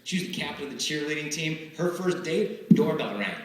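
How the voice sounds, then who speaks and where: A man's voice: on the high side, a little fast. A male speaker giving a live motivational talk to students, telling stories and acting out the exchanges in them. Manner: lively storytelling, acting out quoted exchanges. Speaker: chastity speaker at schools. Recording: echoey hall, far from the mic.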